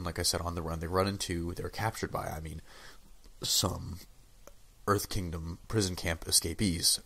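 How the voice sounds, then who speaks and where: A man's voice: deep voice, creaky, bright, forceful tone. A young man with a sick, under-the-weather voice, casually reviewing a TV episode with lots of fillers and restarts. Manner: rambling, many fillers and restarts. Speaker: TV show reviewer.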